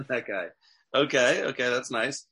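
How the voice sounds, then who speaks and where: A man's voice: medium pitch, measured pace, bright, forceful tone, breathy edge. A man teaching a text class as a rabbi, asking his students questions and checking in with them often. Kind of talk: interactive Torah class.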